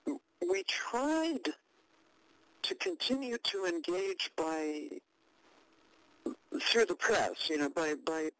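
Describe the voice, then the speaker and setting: An older woman recounting a past event in an interview, halting and measured with many fillers and restarts, and a wry, dry understatement. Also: fairly low pitch, no room sound, low-quality recording.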